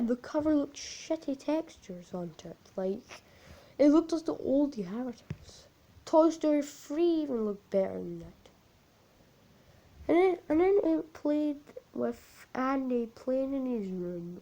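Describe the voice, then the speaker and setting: A woman telling an amateur creepypasta story in a halting, repetitive, unpolished way. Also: fairly high pitch, gravelly, dark tone.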